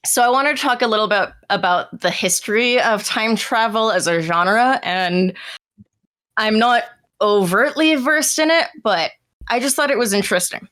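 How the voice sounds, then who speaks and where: A woman's voice: fairly high pitch, normal speed, a bit bright. A young woman hosting a podcast, reading a formal opening and then chatting lightly with her guests. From Canada. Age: young adult. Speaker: podcast host. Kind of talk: podcast chat with scripted opening.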